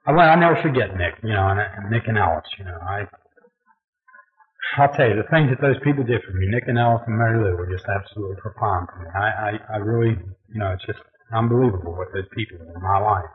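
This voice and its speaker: A man's voice: lowish voice, fast. A man giving a personal testimony at a recovery meeting, folksy and storytelling, often chuckling and saying "you know.". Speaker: speaker sharing his recovery story at a meeting. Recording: dull lo-fi tape recording.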